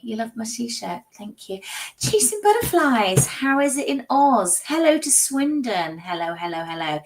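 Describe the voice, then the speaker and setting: A woman's voice: medium pitch, poor audio. A woman hosting a live tarot stream, chatting and greeting viewers by name. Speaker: psychic tarot reader and livestream host. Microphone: streaming setup.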